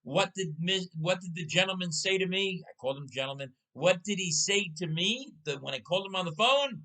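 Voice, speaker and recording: A man's voice: high voice, animated, fairly quick, sharp tone, poor audio. A man in his sixties hosting a casual talk show, telling stories and putting rhetorical questions to his listener. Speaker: podcast host. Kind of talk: casual storytelling chat.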